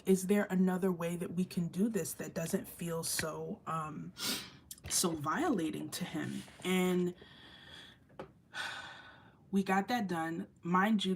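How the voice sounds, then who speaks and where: A woman's voice: on the low side, a little mellow, a little hiss or hum. A woman vlogger and mother telling an emotional personal story to camera, earnest and candid, in a chatty way full of fillers. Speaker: vlogger and mother of an autistic child.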